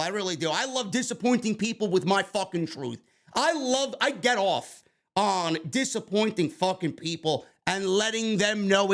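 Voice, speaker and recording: A man's voice: sits high, a bit bright. A man with a New York accent hosting a wrestling review show, ranting in a heated, profane, sarcastic way. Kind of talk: ranting commentary.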